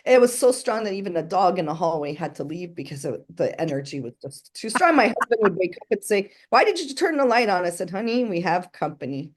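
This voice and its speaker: A woman's voice: on the low side, animated, brisk, hardly any pauses. A middle-aged woman as an interview guest, telling her story earnestly and acting out the voices of people in it. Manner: earnest, quotes voices as she tells. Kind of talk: casual storytelling.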